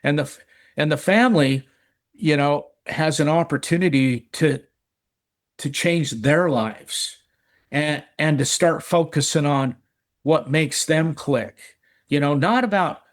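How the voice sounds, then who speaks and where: A man's voice: a little high, measured pace. A middle-aged man telling a personal recovery story in casual chat, earnest, often repeating words and restarting. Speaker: recovery podcast guest.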